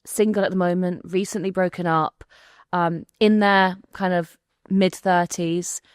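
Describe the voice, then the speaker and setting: A woman hosting a podcast, gently framing long questions and affirming her guest. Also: fairly low pitch, steady tone, unhurried, smooth, no room sound, studio quality. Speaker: podcast host. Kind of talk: interviewing, supportive listening.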